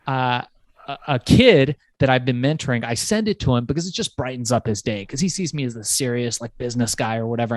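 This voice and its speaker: An animated male podcast host who tells stories with emphatic swings in delivery. His voice sits at a middle pitch. The recording is close and dry, with no room sound. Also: no room sound. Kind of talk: conversational podcast interview.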